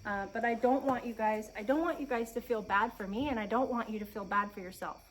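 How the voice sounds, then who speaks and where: A woman in her thirties sitting outdoors on her farm, talking to her viewers in a heartfelt, encouraging way while holding back tears, with pauses and restarts. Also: fairly high pitch, low-quality recording. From Oregon. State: emotional, near tears. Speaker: homestead vlogger. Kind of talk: heartfelt sit-down chat to camera. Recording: faint outdoor insect noise.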